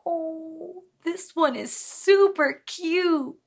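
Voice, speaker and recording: A woman who is a bilingual speech therapist, teaching toddlers slowly in a sing-song, exaggerated way and making animal sounds. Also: very high voice, lively intonation. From United States. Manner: sing-song, exaggerated, switches between English and Spanish.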